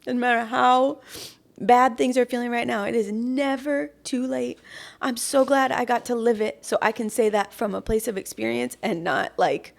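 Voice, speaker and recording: Earnest high creaky woman in late thirties. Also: steady tone, normal speed. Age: late 30s. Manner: earnest, drops to near whispers, laughs often. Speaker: interview guest. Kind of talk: heartfelt conversation.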